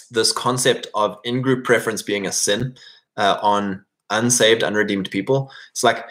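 A man's voice: mid-range voice, fairly bright tone. A man from England, preaching an informal sermon in a conversational way, often checking in with "right?" and restarting his phrases.

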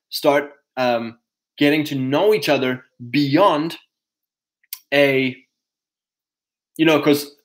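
A man hosting a casual livestream, talking to his viewers in an energetic, preachy way. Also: fairly high pitch, low-quality recording. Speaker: host.

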